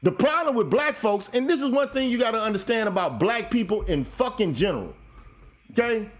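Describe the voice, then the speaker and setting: A man's unusually high voice carries a lively, rising-and-falling delivery. He lectures in an emphatic, heated monologue, swearing freely as he hosts. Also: a little fast. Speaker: show host.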